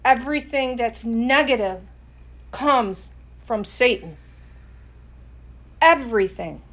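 A woman's voice: on the high side, expressive, takes it slowly, a bit bright. Earnest woman preaching casually. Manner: earnest, conversational, frequent restarts and "you know".

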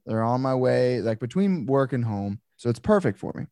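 Animated man telling stories, dry sound. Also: medium pitch, normal speed, no room sound. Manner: animated storyteller, swearing, acts out exasperation. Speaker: podcast co-host. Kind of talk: casual chat.

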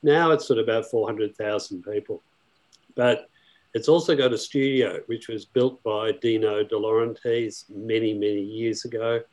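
A man's voice: on the low side, fairly even intonation, normal speed, a little mellow. A man from Australia with an Australian accent, a filmmaker guest telling stories in a casual interview.

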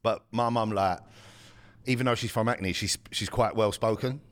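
A man's voice: fairly low pitch, steady tone, moderate pace, dry recording, clean studio sound. A man, bantering bluntly and swearing freely as a podcast co-host. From London. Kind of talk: casual banter.

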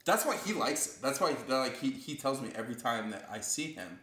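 Excitable young man, lively bright voice. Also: medium pitch, brisk, echoey room. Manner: excitable, laughs often, swearing. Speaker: podcast co-host. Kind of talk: casual chat.

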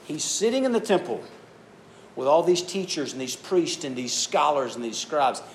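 A man preaching to a youth group, telling stories and acting out voices with animated delivery. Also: a little high, moderate pace, a little hiss or hum. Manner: animated storytelling, acts out voices. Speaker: youth speaker. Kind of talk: youth sermon.

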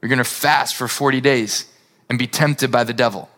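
A man doing a calm, fatherly heavenly Father. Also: mid-range voice, normal speed, voice pushed down, lightly acted. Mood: tender.

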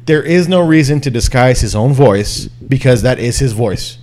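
A male podcast host in loose, casual conversation. He talks at a middling pitch, swears freely and gets animated, jumping his voice high and low to show what he means. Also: normal speed. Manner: heavy swearing, animated, drops and raises his voice to demonstrate. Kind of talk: casual chat.

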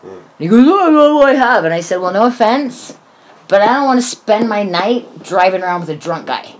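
Lively, swearing woman telling a story. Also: medium pitch, moderate pace, a little hiss or hum. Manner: animated, swears often, acts out quoted voices. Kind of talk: casual storytelling chat.

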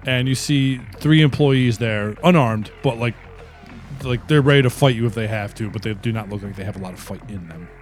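A man's voice: mid-range voice, brisk, soft background music. Man narrating as game master.

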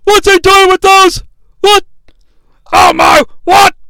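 A man's voice: very high voice, wildly swooping pitch, slow pace, pushed and bright, no room sound, shouting, pitched above the performer's own voice, full character voice. A man imitating a frantic, shocked male wrestling announcer who shrieks and sputters in outrage.

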